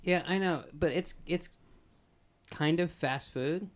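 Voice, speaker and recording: A man's voice: on the high side, takes it slowly. A man co-hosting a casual podcast, teasing his friend with skeptical questions. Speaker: podcast co-host. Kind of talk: casual chat.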